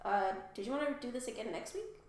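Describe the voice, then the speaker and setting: High bright young woman, echoey room. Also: big pitch swings, fast talker, slight background noise. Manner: rambling, swears casually. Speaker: podcast co-host. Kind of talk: casual chat, retelling a myth.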